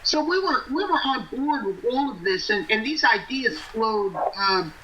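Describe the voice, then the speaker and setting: A man's voice: sits high, expressive, unhurried, sharp tone, dull audio, slight background noise. A man, a band frontman, chatting as an interview guest and talking in long run-on lists. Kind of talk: casual interview chat.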